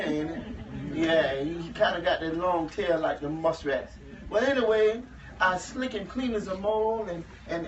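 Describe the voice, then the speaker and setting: A man playing an enslaved man in his thirties, telling a humorous tale to a live audience in dialect, with chuckling asides. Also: high-pitched. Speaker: living history performer. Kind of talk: first-person historical storytelling to a live audience. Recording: muffled, distant, noisy live recording.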